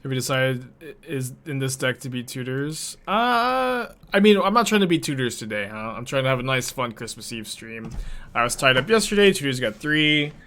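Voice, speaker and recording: A man with a mid-range, sing-song voice and a sharp tone streams a card game at normal speed. He thinks through his plays out loud in casual chat, answering viewers' questions as he goes, in the style of relaxed live-stream gameplay commentary.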